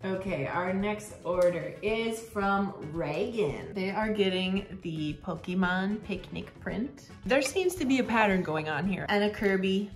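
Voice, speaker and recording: A young woman talks her way through packing orders in a loose, rambling voice-over, muttering to herself and cheering now and then. Her voice sits at an ordinary middle pitch. The sound is roomy, with music running behind her. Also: expressive, a little slow, long pauses. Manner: chatty, muttering to herself, cheerful outbursts, casual swearing. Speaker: small artist packing shop orders. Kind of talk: chatty packing vlog voice-over. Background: background music.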